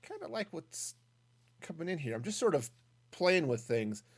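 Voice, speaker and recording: Casual game streamer, mid pitch, very animated intonation, muses aloud and answers chat. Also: normal speed, husky. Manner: chatty, thinking aloud, reading chat. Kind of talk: casual gaming stream commentary.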